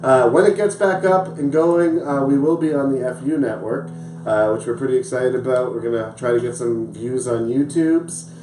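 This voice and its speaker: A man's voice: medium pitch, moderate pace, a little mellow, echoey room, far from the mic, soft background music, low-quality recording. A man hosting a talk show in casual chat, laughing often and talking loosely. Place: small room with live audience.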